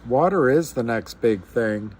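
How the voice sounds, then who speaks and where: A man's voice: medium pitch, animated, measured pace, darkish tone, slightly rough. A man hosting a casual livestream, musing aloud in a rambling way with frequent restarts. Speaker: livestream host.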